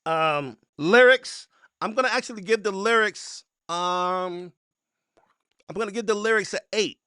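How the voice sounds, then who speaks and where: A man hosting a casual live-stream review, his voice bright and crisply clear. He hesitates often, restarting thoughts with ums. The sound is close and dry with no room echo. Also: high-pitched. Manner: halting, lots of ums and restarts. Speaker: music review host.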